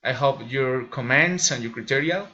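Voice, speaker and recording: A man who speaks Spanish as his first language, slowly reading English pronunciation drills aloud as a lesson presenter. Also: medium pitch, sharp tone, lo-fi sound. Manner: slow, deliberate reading of example sentences.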